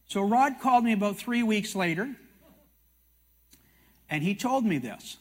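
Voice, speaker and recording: A man's voice: high voice, lively intonation, measured pace, pauses often. An older man from Canada giving a folksy storytelling sermon about his life, with self-mocking asides and acted quotes. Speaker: TV prophecy teacher speaking at a meeting.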